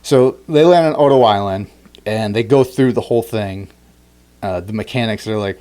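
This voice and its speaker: A man hosting a podcast, telling a story in a rambling, animated way, with many restarts and fillers. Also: on the low side, moderate pace. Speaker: podcast host. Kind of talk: casual chat.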